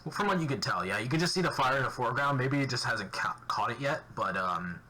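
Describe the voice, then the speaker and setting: Bright-voiced man running a tabletop game. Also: medium pitch, animated, poor audio. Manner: halting, many fillers and restarts. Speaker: game master. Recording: faint background noise.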